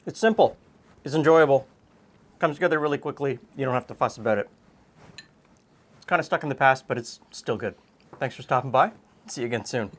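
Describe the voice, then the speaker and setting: A man's voice: medium pitch, fairly quick, long pauses. A man from Canada hosts a home cooking show in an easygoing way. He chats casually while cooking, trailing off with frequent ums. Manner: relaxed, chatty, frequent "um"s.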